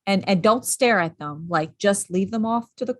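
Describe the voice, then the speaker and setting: A woman coach giving parenting advice in a casual interview, quick and animated, acting out what she would say. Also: medium pitch. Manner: animated, quick, acts out quoted lines. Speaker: parenting and school behavior coach.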